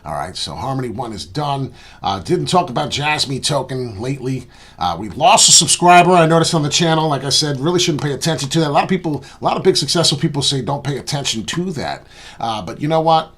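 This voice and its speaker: A man hosting a crypto trading channel, giving casual chart commentary in a boastful, rambling, animated way. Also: medium pitch, fast, husky.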